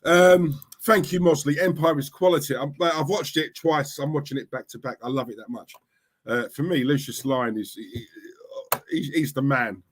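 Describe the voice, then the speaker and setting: A livestream host chats casually and live with his viewers, teasing them and talking straight to the chat. His voice is mid-range and his speed normal.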